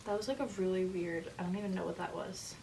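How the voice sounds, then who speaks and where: A woman's voice: on the low side, steady tone, fast, creaky, a little mellow. A teenage girl vlogging casually at home, gushing and cooing in baby talk. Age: late teens. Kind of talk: casual vlog chat. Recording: echoey room, mic at a distance, music behind.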